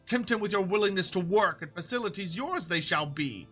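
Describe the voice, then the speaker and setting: A man's voice: high voice, expressive, brisk, fairly bright tone, soft background music. A man doing a squawking bird creature. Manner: inverted word order, squawks between phrases. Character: squawking bird-like creature questgiver, odd word order. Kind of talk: reading game quest text aloud in character.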